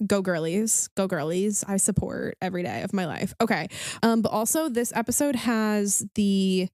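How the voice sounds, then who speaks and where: A woman's voice: medium pitch, moderate pace, darkish tone, no echo, studio quality. A woman co-hosting a podcast in casual chat, bubbly and enthusiastic, with lots of "um" and "like". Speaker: podcast co-host.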